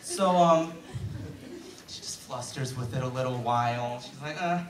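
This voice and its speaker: A man's voice: medium pitch, measured pace. A teenage male student doing a chatty, self-deprecating stand-up comedy routine in a school auditorium, with many fillers. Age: late teens. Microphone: handheld mic on stand, heard from far. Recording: echoey hall from far off, loud crowd. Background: loud crowd laughter.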